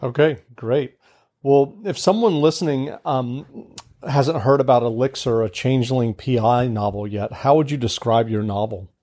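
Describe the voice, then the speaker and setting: Measured male podcast host. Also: medium pitch, dark tone. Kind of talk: scripted podcast interview.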